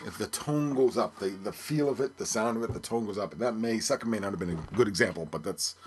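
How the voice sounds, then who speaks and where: A man's voice: lowish voice, quick pace. A man hosting a podcast, thinking aloud in casual music commentary. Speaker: podcast host.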